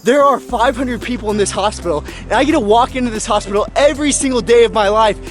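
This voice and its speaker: A man's voice: very high-pitched, fast, faint music behind. Earnest young man giving medical school motivation. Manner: earnest and preachy. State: out of breath. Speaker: medical student vlogger. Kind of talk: motivational vlog talk.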